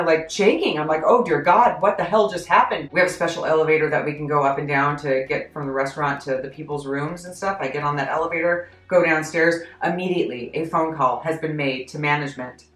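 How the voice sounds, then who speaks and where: A woman telling a story from her job in a chatty, self-deprecating, animated way for her vlog. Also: low-pitched. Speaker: vlogger recounting a job story. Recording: echoey room.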